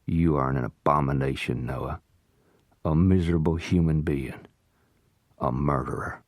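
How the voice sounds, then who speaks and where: Man voicing a mocking vengeful man, very deep drawling voice, dry recording. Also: a little slow, no echo. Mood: cold. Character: vengeful sardonic man, coolly taunting.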